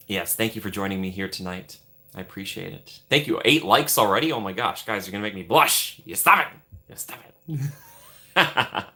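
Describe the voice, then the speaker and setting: Male streamer, casual chat host. Bright tone, very animated pitch, playful and upbeat with viewers. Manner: upbeat and playful, greeting chatters by name with big swings in pitch. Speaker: livestream host.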